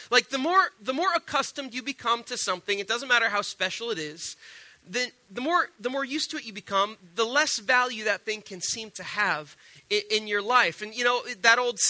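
A man preaching a casual sermon from the platform, his voice pitched high and ringing bright and sharp. He talks in an animated, conversational way, stumbling into restarts and repeating words as he builds his point. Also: a little fast. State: sick. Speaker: pastor.

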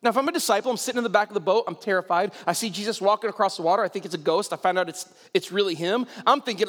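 A man's voice: high-pitched, racing, a bit bright. A young adult man preaching a sermon, telling the story casually and animatedly as a pastor. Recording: long reverb in a large hall.

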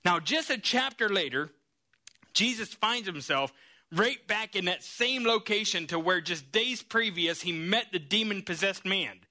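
A man preaching a sermon, telling Bible stories in an animated way and checking in with the congregation as he goes. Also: sits high, a little slow. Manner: animated storytelling with frequent "okay?" and "right?" check-ins.

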